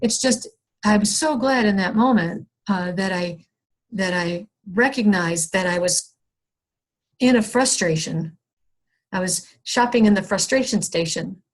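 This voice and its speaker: A woman's voice: mid-range voice, measured pace. A young adult woman teaching an online wellness workshop over a video call, talking in a conversational, reflective way with many fillers and restarts. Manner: acts out her own past frustration with raised excited voice. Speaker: workshop facilitator.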